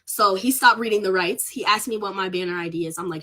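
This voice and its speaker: Against a noisy background, a young college student talks fast at medium pitch, recounting her arrest on a livestream. She's rattled and near tears, candid and emotional, with plenty of swearing in her casual delivery.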